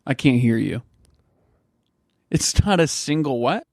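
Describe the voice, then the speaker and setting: A man co-hosting a podcast, recounting a bad ride in an animated, incredulous way. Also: mid-range voice, a little slow, gravelly, dry recording, clean studio sound. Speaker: podcast co-host. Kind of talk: casual storytelling chat.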